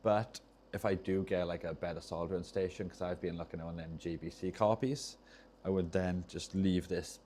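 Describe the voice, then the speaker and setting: A man talks in a relaxed, meandering way at his workbench, often trailing off and restarting his thoughts. His voice sits very low and sounds soft and mellow. A faint hiss runs underneath. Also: normal speed. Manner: rambling, loses his train of thought, self-interrupting. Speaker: streamer repairing controllers. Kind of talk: casual livestream chat while soldering.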